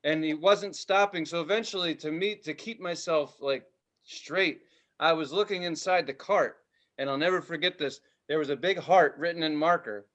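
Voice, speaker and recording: A man in his thirties, hosting a casual podcast and telling a story with loud voices and plenty of swearing. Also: on the high side. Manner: animated, profane, does loud voices in his stories. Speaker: podcast host.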